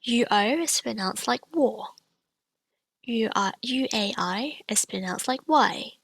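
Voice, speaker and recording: Woman teacher with a gravelly edge. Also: on the high side, takes it slowly, no room sound. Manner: clear, patient explanations with demonstrated sounds. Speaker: language teacher. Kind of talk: scripted lesson narration.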